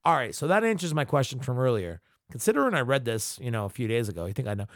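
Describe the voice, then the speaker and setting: A man hosting a podcast, ranting with heavy profanity in an animated, mock-outraged way. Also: medium pitch, quick pace, no room sound, clean studio sound. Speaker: podcast host.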